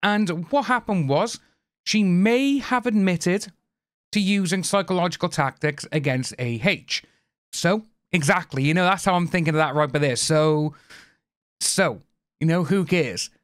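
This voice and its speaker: A man's voice: high voice, unhurried, dry recording, clean studio sound. A man hosting a casual commentary, reading news aloud and adding opinionated, rambling asides. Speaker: channel host.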